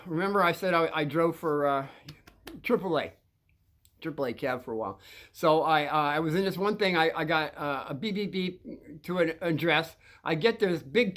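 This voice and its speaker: In a slightly high, fairly bright voice, a sixty-something show host rambles through stories for children. He frequently starts sentences over and lets out chuckles as he drifts from one thought to the next.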